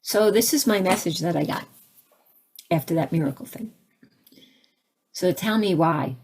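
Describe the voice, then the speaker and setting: A woman giving a conversational spiritual talk, asking her listeners questions and turning animated as she acts out her own reactions. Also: unhurried, breathy edge. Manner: animated, rising to high exclaims when acting out her own reactions; conversational, asks the audience questions. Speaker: spiritual teacher.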